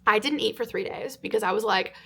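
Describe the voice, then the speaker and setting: A woman in her twenties from California, telling a personal story to camera in a casual, animated way with lots of "like". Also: mid-range voice, brisk, creaky, breathy edge. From California, United States. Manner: animated, exaggerated retelling with frequent "like". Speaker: vlogger. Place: indoors, sit-down filming.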